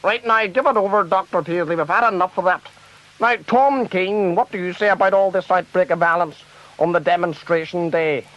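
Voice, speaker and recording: A man's voice: sits high, moderate pace, fairly bright tone. A man with a Northern Irish accent playing a flustered TV debate presenter who fusses to keep order. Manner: fussy, trying to keep order. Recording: dull lo-fi record.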